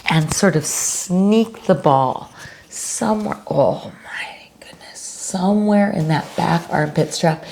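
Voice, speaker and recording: A woman teaching a restorative yoga class, giving calm, unhurried cues with casual fillers. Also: low-pitched, gravelly, slight background noise. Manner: slow, calm cueing with fillers. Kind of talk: guided yoga instruction.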